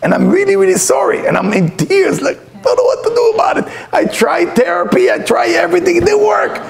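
A middle-aged man, a spiritual teacher, giving a storytelling lecture in animated English with non-native grammar. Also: on the high side, creaky. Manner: animated, acts out voices in his stories.

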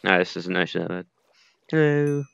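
A man's voice: fairly low pitch, unhurried, gravelly, bright, forceful tone, smooth, lo-fi sound. A young man casually commenting while playing a survival game, muttering to himself with mild swearing. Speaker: gaming video creator. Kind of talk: casual let's-play commentary.

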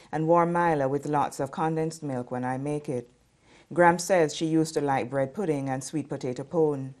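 Very low-voiced Caribbean woman novelist. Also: a little mellow. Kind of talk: reading fiction aloud, then commenting.

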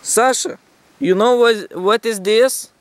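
Beside a river in a forest, a man with a very high voice vlogs outdoors, speaking slowly. He addresses his viewers in a teasing, mock-dramatic way, keeping the commentary playful.

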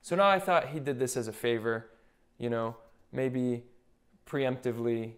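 A man's voice: mid-range voice, a little slow. Young guy guest on a podcast, chatty storyteller, keeps doing everyone's lines. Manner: animated storyteller who quotes what others said. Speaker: podcast guest, nurse anesthetist. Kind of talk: casual storytelling chat.

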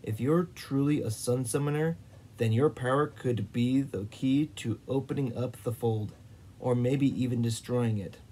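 Casting: composed storybook soldier, even and measured, voiced by a male reader. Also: medium pitch, natural voice, low-quality recording. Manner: calm and measured.

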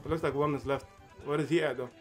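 A man giving casual gameplay commentary, excited and often stumbling and repeating words. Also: on the high side, fast, faint music behind. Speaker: gamer.

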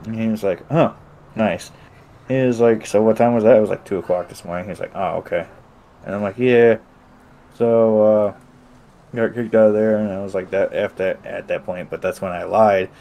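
Low-voiced man retelling a roleplay scene. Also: fairly even intonation, moderate pace, warm tone, rough recording. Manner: retells scenes by acting out both sides of dialogue, swears casually. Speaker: gamer recounting a roleplay session. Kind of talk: casual chat.

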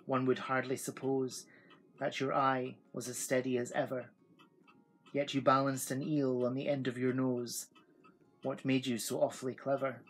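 A man reading aloud and voicing a cheeky youth quizzing his old father in a soft rhyming recital. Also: medium pitch, little pitch movement, normal speed, slightly rough, soft background music, low-quality recording.

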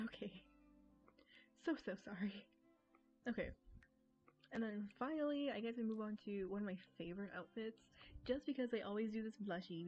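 An American woman chatting casually while live streaming a game, giggly, rambling and quick to poke fun at herself. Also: fairly high pitch. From United States. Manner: giggly, rambling, self-mocking. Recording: dull lo-fi stream audio with faint music.

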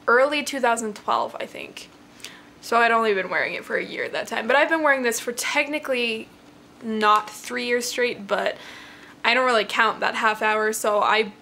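A woman's voice: a little high, sharp tone, slight background noise. A young woman chatting in a rambling, casual way with many fillers, showing her jewelry to the camera from her bedroom. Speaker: vlogger. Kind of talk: casual show-and-tell vlog. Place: bedroom at home.

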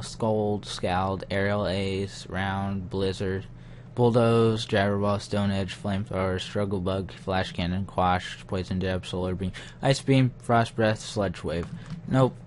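Slow, low-voiced young man playing a game. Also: a little hiss or hum. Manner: muttering, easily frustrated, self-talking. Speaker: gaming channel host. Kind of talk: casual game commentary.

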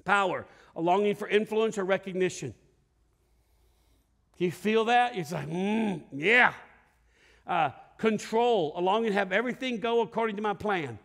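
This lead pastor, a middle-aged man, has a high voice and speaks at an ordinary pace. He's a lively storyteller in the pulpit, performing character voices, shouting, and drawing responses from the congregation in the sanctuary.

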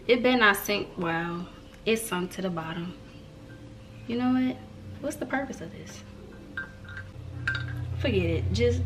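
A woman's voice: lowish voice, background noise. A young woman from the American South, chatting playfully to the camera as a vlogger at home and talking to her viewers like friends. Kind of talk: casual chat to camera.

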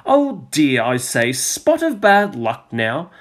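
A man's voice: fairly high pitch, wildly swooping pitch, slow pace, heavily acted. A man doing a fussy dithering jungle guide. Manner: mumbling, dithering, self-correcting.

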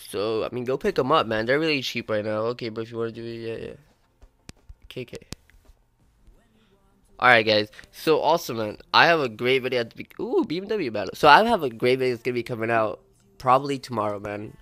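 A man's voice: mid-range voice, brisk, no echo. A young man with a cold, casually commentating a racing game and cursing at his rivals and his phone. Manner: swearing, animated outbursts at the game. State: sick, congested. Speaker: gaming YouTuber. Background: faint background music.

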